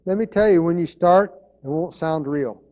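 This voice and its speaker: Earnest preaching man, slightly high voice. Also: moderate pace, dark tone, muffled recording. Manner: earnest, repeats key phrases. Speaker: pastor. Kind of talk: sermon.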